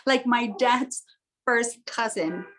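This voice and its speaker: A woman's voice: on the high side, slow pace, noisy background. A woman hosting a full moon gathering, telling a story animatedly with frequent laughs, then talking the group through the full moon in a casual spiritual way. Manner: giddy, emphatic.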